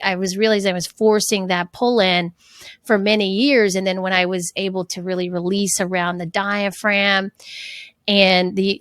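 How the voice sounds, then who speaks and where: A woman's voice: medium pitch, fairly bright tone, dry recording. Earnest woman talking in a dry, close sound. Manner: earnest, reflective, with frequent restarts. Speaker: guest, fitness trainer and coach. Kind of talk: casual interview conversation.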